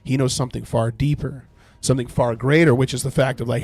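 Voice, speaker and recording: A man's voice: mid-range voice, fairly even intonation, quick pace, darkish tone, slightly rough. A man leading a livestreamed Bible study, earnestly reading scripture aloud and explaining it, now and then thanking viewers in chat.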